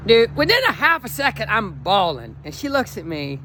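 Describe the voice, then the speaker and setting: A man's voice: high voice, sing-song, moderate pace, bright, forceful tone, slight background noise. A man in his forties, a running coach, talking in an enthusiastic, emotional and rambling way in a casual motivational vlog. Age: 40s.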